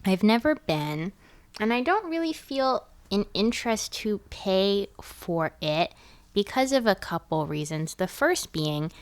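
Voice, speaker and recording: A woman's voice: mid-range voice, big pitch swings, measured pace. A woman of twenty co-hosting a podcast, an upbeat, giggly voice in casual chat. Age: 20s. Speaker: podcast co-host.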